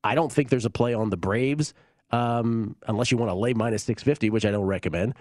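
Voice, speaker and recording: Blunt sports betting show host, dry sound. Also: male voice, on the low side, a little fast, a little mellow, no room sound. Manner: blunt, dismissive, confident opinions. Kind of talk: casual sports betting talk.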